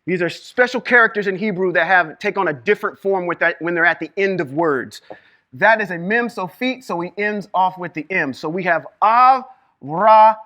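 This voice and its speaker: A man teaching Hebrew reading and scripture to a live group, lively and quizzing the room with questions. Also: high-pitched, moderate pace. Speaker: Bible teacher. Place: room with a small live audience.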